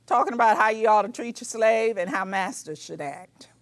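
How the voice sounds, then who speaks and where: An older woman giving a lecture in a preacherly, emphatic manner, with colloquial asides and bursts of shouting. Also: on the high side, moderate pace, no room sound. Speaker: speaker.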